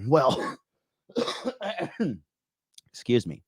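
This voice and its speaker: A very low-voiced man in his thirties hosts a call-in livestream, chatting in a loose, rambling way. He swears often and fills his talk with "like" and "you know." The sound is close and dry, with almost no room echo. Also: normal speed, darkish tone. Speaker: call-in show host. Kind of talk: casual livestream chat reading viewer comments.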